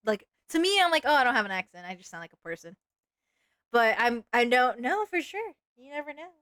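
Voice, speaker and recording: Southern woman, Texan accent, streaming while drawing, rambles and laughs, keeps asking chat questions. Her voice sits a bit high and sounds smooth and resonant, recorded up close and dry. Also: fairly bright tone, dry recording. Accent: Southern US (Texas). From East Texas.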